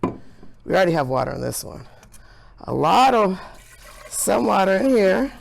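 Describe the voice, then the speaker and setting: An enthusiastic woman science teacher talks through a colorful hands-on demonstration. Her voice swings widely in pitch, and she speaks slowly with a gravelly edge. She keeps her tone cheerful and encouraging throughout. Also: sing-song.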